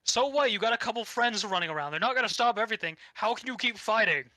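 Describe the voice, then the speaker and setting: A man's voice: high-pitched, expressive, fast, bright, forceful tone, no room sound, voice pushed up. A man voicing a boastful villainous male demon king while recapping an anime, with sneering, incredulous taunts. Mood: mocking, baffled.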